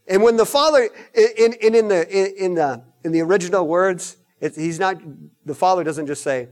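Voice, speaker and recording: High-voiced man preaching emphatically. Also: a little fast. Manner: animated and emphatic, with joking asides. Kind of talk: sermon.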